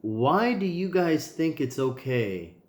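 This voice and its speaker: Nasal, tired dad in an echoey room. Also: male voice, on the high side, sing-song, slow. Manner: rambling, loose, with many ums and sighs. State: tired and sore. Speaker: father recording video messages for his kids. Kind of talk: casual video diary.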